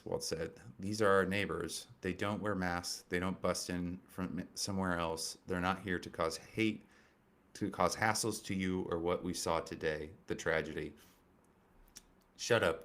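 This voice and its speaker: A man's voice: low voice, a bit bright. A man hosting a comedy commentary show, rambling and sarcastic with lots of swearing and filler words. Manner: profane, rambling and sarcastic, with many fillers and restarts. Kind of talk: casual political comedy commentary.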